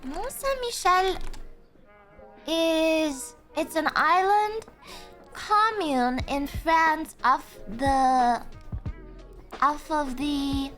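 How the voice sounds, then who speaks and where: On a casual live stream, a woman with an Irish accent and a high, slightly bright voice plays a playful tour guide. She laughs a lot and swears casually while bantering with chat.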